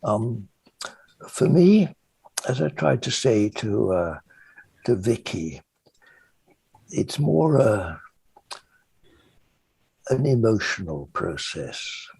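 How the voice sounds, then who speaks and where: An older man from England answers questions as a mystic and author, in a halting, gentle way that often trails off softly. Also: lowish voice, very animated, vocal fry, breathy edge, dry recording, poor audio. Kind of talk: reflective interview answer.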